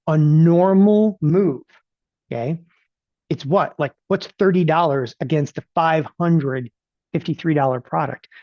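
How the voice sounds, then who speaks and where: Brief: man, options trading educator, rapid-fire and animated, warm voice, dull dry lo-fi sound. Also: on the high side, no echo. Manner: animated, repeats "okay?" constantly, rapid-fire. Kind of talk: live trading webinar.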